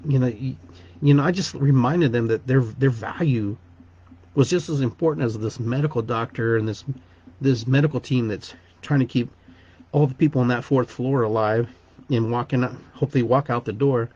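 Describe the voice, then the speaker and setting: A man's voice: mid-range voice, moderate pace, darkish tone, slightly rough, dull audio. Man rambling through a personal story. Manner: rambling, repeats words and restarts sentences. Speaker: podcast host.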